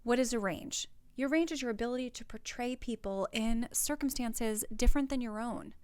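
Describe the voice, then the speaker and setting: A woman's voice: on the high side, moderate pace, clean tone, no room sound. A woman acting coach giving spoken tips for a workshop in an encouraging, conversational way, with fillers.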